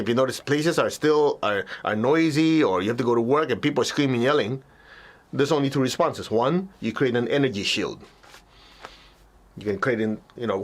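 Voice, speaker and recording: This is a male meditation teacher delivering a spiritual talk in a chatty, conversational style. Often pausing to check in with listeners, he dramatizes reactions with sudden high yelps.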